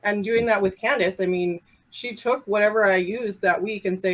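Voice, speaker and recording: A woman's voice: medium pitch, fairly quick, poor audio. A woman from Canada in her thirties, a pharmacist and coach, talking casually as a podcast guest in a heartfelt, storytelling way. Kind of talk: casual interview chat.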